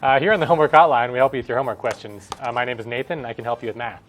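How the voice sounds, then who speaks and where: A man's voice: medium pitch, steady tone, racing, faint music behind. A man who teaches math, co-hosting a live homework help show in an easygoing way.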